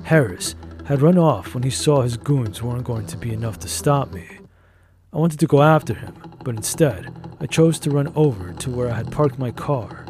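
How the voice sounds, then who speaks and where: A man narrating a first-person story in an even, measured way. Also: mid-range voice, soft background music.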